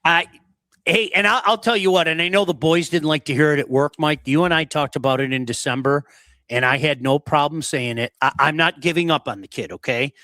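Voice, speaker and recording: Sports talk guy, blunt and fired up, bright forceful voice, dry close sound. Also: fairly high pitch, brisk, dry recording. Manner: blunt, animated, reads viewer comments. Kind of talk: casual sports talk show.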